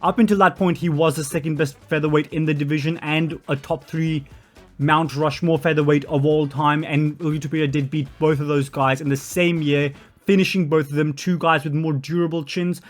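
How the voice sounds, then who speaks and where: A man's voice: fairly high pitch, steady tone, normal speed. A young man giving a blunt, opinionated solo commentary on fighters, with fillers and self-corrections along the way. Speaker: MMA commentary channel host. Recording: faint background music.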